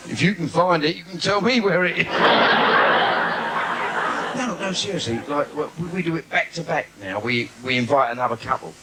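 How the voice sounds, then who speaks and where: A man's voice: a little high, animated, normal speed, gravelly, pauses often. A man with a London accent doing brash, cheeky stand-up on a theatre stage, teasing the crowd, recorded live in a noisy theatre. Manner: brash, cheeky patter with audience asides. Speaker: stand-up comedian. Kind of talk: live bawdy stand-up routine.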